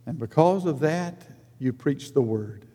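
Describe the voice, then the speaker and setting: A man preaching a sermon in an earnest manner, rising for emphasis and then dropping low and quiet. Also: lively intonation, a little slow, husky. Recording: long hall reverb.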